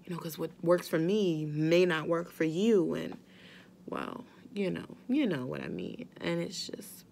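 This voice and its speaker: A mother vlogging straight to her viewers, earnest and gentle, reassuring them that they are not alone. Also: low-pitched, animated, a little slow, gravelly, slight background noise. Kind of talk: heartfelt direct-to-camera talk.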